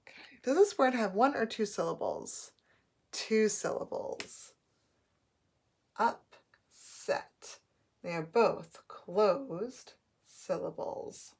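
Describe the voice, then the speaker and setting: A woman teaches young children a phonics lesson in an even, middle-pitched voice. She goes slowly and deliberately, sounding out each letter with a teacher's patient rhythm at the board.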